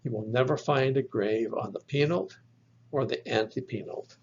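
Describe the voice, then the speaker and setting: A man teaching biblical Greek in a slow, methodical lesson, spelling out letters one by one and correcting his own slips. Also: medium pitch, a little mellow, slight background noise. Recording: dull lo-fi recording.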